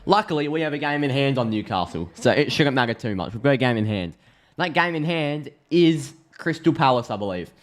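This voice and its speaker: Chatty Australian football streamer. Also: male voice, mid-range voice, brisk. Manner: chatty, excitable, thinks aloud with restarts. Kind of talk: live match reaction.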